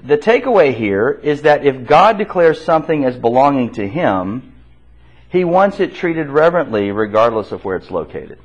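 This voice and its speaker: Bible class teacher, male, animated pitch, slightly husky, dull lo-fi recording, quizzes the room and repeats answers. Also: moderate pace. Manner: asks the class questions and repeats their answers; conversational, with restarts.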